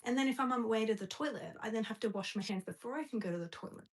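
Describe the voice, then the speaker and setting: A woman's voice: on the high side, rapid-fire, husky. A woman with an Australian accent chatting casually on a home livestream, rambling and talking to a dog between remarks.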